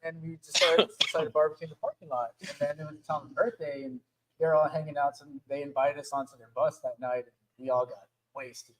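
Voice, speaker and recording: A man in a band, a guest on an interview show, chiming in with short remarks and halting tour stories full of "like.". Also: fairly high pitch, a bit bright, low-quality recording. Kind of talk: casual chat. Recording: voice sits back from the mic.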